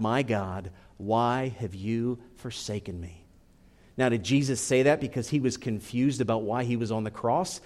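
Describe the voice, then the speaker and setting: A male pastor delivering a sermon in a slightly raised voice. He climbs high and loud when he acts out anguished prayers, then sinks low and soft to drive a point home.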